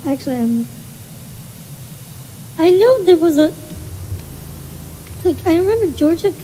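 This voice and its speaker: Monotone, dark-toned young woman streamer. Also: high voice, a little hiss or hum, poor audio. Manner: monotone, flat delivery; hesitant, trailing off. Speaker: vtuber streamer. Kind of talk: casual gameplay chat.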